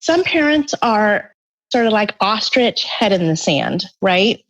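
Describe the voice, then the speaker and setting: A woman speaking in an interview as the author of a book, earnest and explanatory. Her voice sits at a middle pitch, and the audio is slightly dull and lo-fi. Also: big pitch swings, takes it slowly, a bit bright. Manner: earnest, explanatory, acts out parents' voices briefly. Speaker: guest author. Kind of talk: conversational interview.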